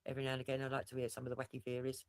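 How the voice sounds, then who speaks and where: A fast-talking man chats on his own livestream, rambling from story to story and swearing without a second thought. His voice sits close and dry, with no room around it. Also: medium pitch, monotone, clear, resonant tone, no echo. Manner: rambling, swears freely, laughs at himself. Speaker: livestream host. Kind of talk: casual livestream chat.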